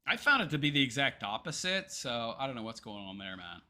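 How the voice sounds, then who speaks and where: A man's voice: mid-range voice, sharp tone. A man hosting a casual livestream, rambling and hesitant, with many ums and restarts as he reads chat and picks topics. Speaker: livestream commentary host.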